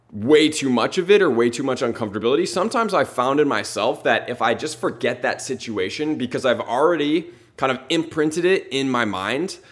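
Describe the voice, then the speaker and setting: A man hosting a motivational talk show, speaking earnestly with many rhetorical questions and casual "like" fillers. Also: mid-range voice. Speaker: host.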